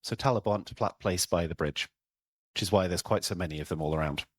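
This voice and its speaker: A man's voice: low voice, brisk, breathy edge, no room sound. A man with a North Welsh accent giving a presentation talk, using dry, self-mocking humour and frequent ums. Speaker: place-name researcher giving a talk.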